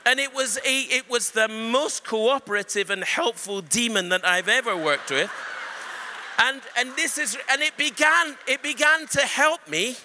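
A man preaching a sermon, telling an animated story and joking with his congregation. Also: extremely high pitch, measured pace, slight background noise. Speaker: pastor. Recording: echoey hall reverb.

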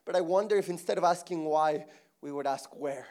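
A middle-aged man from Mexico preaching a sermon, swinging between soft intimate moments and loud emphatic passages, his voice going hoarse. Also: fairly high pitch, fairly quick. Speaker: pastor.

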